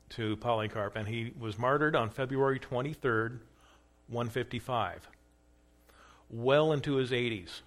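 A man teaching church history in a conversational lecture, asking the class questions and acting out quoted lines. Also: medium pitch. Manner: conversational, acts out quoted dialogue with rising emphasis.

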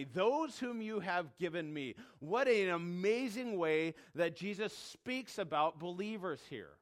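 A man's voice: sits high, lively intonation, measured pace, hardly any pauses. A man preaching a sermon, emphatic, repeating key words and dropping his voice when quoting scripture. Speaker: pastor.

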